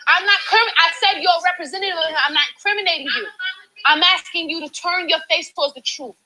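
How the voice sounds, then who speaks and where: A woman activist confronts campaign volunteers in a heated street exchange, passionate and pleading in a preachy way. Her voice is extremely high, fast and sharp, captured on a handheld phone in a rough recording.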